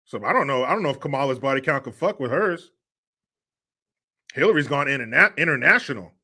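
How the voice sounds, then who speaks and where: Brief: male livestream host from the US, lively bright delivery, crude and jokey, swears freely. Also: mid-range voice, fairly quick, slightly rough. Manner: crude, joking, drawling asides with profanity. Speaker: show host reading live chat. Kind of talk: casual livestream commentary.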